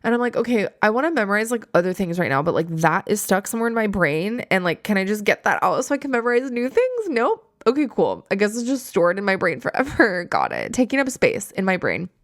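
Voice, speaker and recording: A woman in her late twenties hosting a podcast, chatting casually in a slangy, animated storytelling way. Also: medium pitch, a little fast, hardly any pauses, no echo, studio quality. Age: 20s. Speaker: podcast host. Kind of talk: casual chat.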